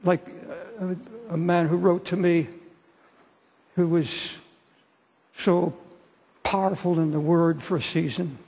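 A man's voice: high voice, fairly even intonation, slow, creaky, long pauses, darkish tone, husky. A man in his seventies preaching an earnest sermon to a congregation, repeating phrases for emphasis. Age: 70s. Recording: long hall reverb.

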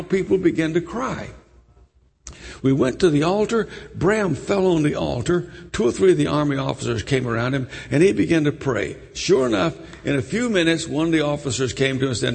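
A man preaching, telling a story in an animated way with repeats and restarts. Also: medium pitch, creaky, slightly rough. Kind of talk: sermon storytelling. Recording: echoey hall.

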